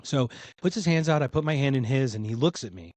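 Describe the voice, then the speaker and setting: Animated man telling a story. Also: mid-range voice, quick pace, no echo. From Philadelphia. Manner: animated, acts out other people's lines. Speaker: podcast guest. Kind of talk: casual storytelling.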